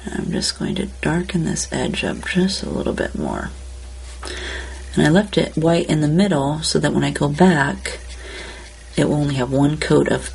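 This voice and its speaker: A woman calmly talking through a step-by-step card-coloring tutorial, describing each stroke as she works. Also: low-pitched, vocal fry, a little hiss or hum. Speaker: card-making instructor.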